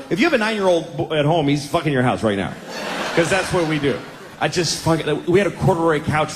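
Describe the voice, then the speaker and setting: A man's voice: on the high side, big-room sound, noisy background. A man in his forties doing a stand-up routine, crude, rambling and self-deprecating. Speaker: stand-up comedian.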